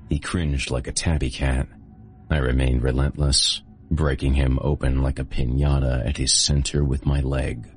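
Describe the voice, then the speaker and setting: A man hosting and narrating a horror audiobook in a steady first-person storytelling manner. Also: a bass voice. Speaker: host and narrator.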